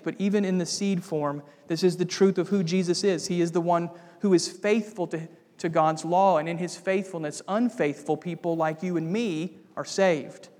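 Male preacher, high voice, emphatic sermon delivery, long reverb. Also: darkish tone. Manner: emphatic, addresses listeners as friends.

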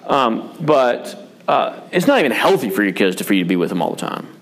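Here a pastor and dad, his voice fairly low with big swings in pitch, talks a little fast about parenting in an informal pastoral chat. He's blunt and pokes fun at himself, wandering through frequent fillers and restarts.

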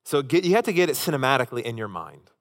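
A man preaching a sermon as a pastor, telling a story with animated, emphatic delivery. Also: mid-range voice, very fast. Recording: long hall reverb.

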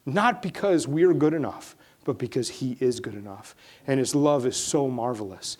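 A man's voice: medium pitch, expressive, normal speed, few pauses. Man preaching with rising fervor. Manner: swings from hushed prayerful lines to rising, emphatic preaching. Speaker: pastor. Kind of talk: sermon.

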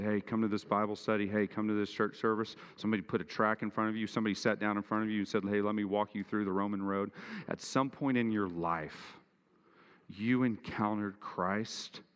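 Male pastor, low voice, earnest sermon delivery that climbs for emphasis; church reverb. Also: fairly even intonation, brisk. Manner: earnest preaching, rising in pitch and force for emphasis.

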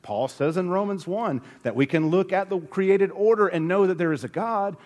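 A man preaching a sermon as pastor, emphatic, with sharp rises and drops in his delivery. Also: high voice, normal speed, long reverb tail.

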